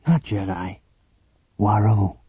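A blunt, protective smuggler, voiced by a male narrator, talks plainly and without fuss. His voice is dark and husky on a dull, dry recording. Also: fairly low pitch, takes it slowly, dry recording, full character voice. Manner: blunt, matter-of-fact.

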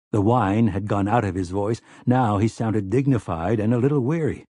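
A man narrating an audiobook in a steady, measured storytelling manner. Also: lowish voice, slightly rough, dry recording. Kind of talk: scripted narration.

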